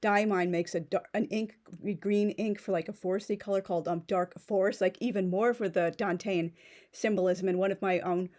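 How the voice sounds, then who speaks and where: A woman's voice: mid-range voice, fairly even intonation, moderate pace, darkish tone. A woman in her thirties chatting casually through an unboxing, rambling with many fillers and restarts. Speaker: pen vlogger.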